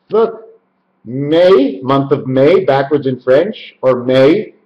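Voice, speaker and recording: In a roomy, dull lo-fi home recording, a video maker rambles solo to the camera about his number and letter theories. His voice is a little high, sing-song and a little mellow, and he takes his time, chanting and drawing out words.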